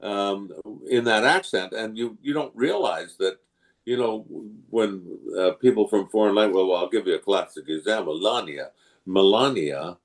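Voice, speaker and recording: In a relaxed interview, an older man from England who works as a voice actor spins animated stories, dropping into character voices. His voice is on the low side and he speaks at normal speed.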